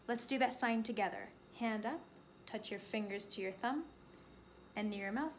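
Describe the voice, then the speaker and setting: A woman librarian leading a children's storytime, teaching signs and praising along the way with gentle encouragement. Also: a little high, normal speed, a little hiss or hum. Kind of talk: children's storytime with sign language.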